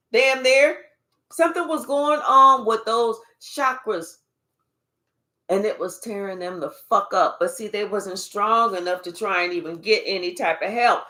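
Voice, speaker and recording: Woman card reader with a fairly high voice, emphatic and teasing, swears freely while reading for live viewers. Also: fairly bright tone.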